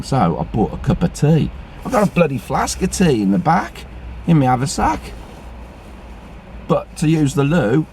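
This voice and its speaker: Sitting in his car on a rainy day, a middle-aged vlogger chats to his phone camera in a medium-pitched, dark voice, grumbling and swearing casually. There's slight background noise.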